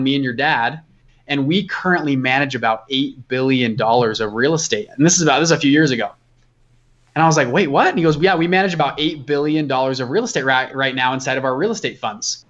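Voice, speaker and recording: A young man, a guest entrepreneur, telling a personal story in a casual, animated way, acting out the dialogue as he goes. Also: a little high, fast, muffled recording.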